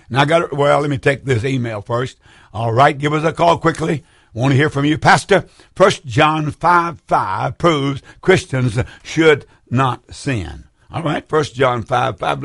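A man's voice: mid-range voice, brisk, gravelly, a bit bright, dry recording, clean studio sound. An older man hosting a call-in preaching broadcast, fervent and rambling, reading scripture and urging listeners to phone in.

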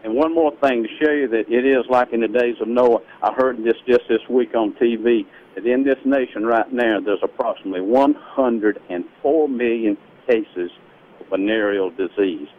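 A man joining a radio show over the phone, speaking loudly and insistently. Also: medium pitch, moderate pace. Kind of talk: radio conversation. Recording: tinny phone line with faint hiss.

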